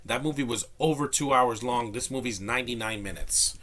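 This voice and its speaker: A man's voice: mid-range voice, moderate pace, heavy background noise. A man of Hispanic background giving a casual spoken movie review, rambling with restarts and fillers, recorded on a phone. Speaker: film reviewer.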